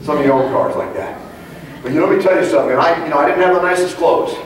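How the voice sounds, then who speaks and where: A man's voice: a little high, rapid-fire, slight background noise. A man giving a motivational leadership talk to a live audience, telling stories and firing off rhetorical questions. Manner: animated storyteller, punchy rhetorical questions. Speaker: leadership trainer. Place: large conference hall. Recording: echoey hall, mic far off.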